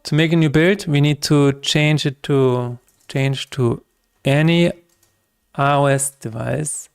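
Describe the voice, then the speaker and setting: A man's voice: a little high, fairly even intonation, slow pace, creaky, clean tone, dry recording, studio quality. A man streaming his game development work, talking through each step aloud in a chatty, self-correcting way. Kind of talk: live-streamed coding chat.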